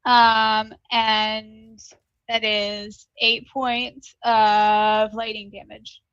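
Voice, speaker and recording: A woman's voice: fairly high pitch, flat delivery, extremely slow, a bit bright, clean tone, no room sound, highs cut off. A woman playing a tabletop game, hesitantly describing her character's actions with many ums. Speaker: player.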